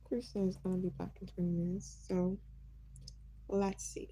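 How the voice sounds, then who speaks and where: A woman's voice: lowish voice, flat delivery, unhurried, mellow, breathy edge, low-quality recording. A Nigerian woman from Nigeria hosting a casual livestream, greeting viewers by name and asking them curious questions. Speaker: livestream host.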